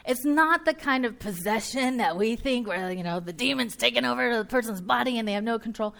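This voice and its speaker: A woman's voice: a little high, fairly quick, vocal fry, few pauses, a bit bright. A woman with a Southern US accent preaching a sermon in a conversational way, with joking asides and voiced reactions from her listeners.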